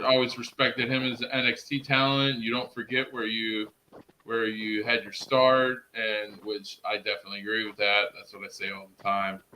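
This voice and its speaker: Bright, eager man hosting a stream. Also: medium pitch, a little hiss or hum, low-quality recording. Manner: enthusiastic, fills speech with "freaking". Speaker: host of a wrestling recap stream. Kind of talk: casual chat. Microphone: streaming setup, talking to chat.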